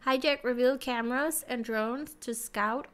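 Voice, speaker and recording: Woman streamer, playful game commentary, high voice, slow, faint music behind. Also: a bit bright. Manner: playful, swears, chats with viewers. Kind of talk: casual gameplay commentary.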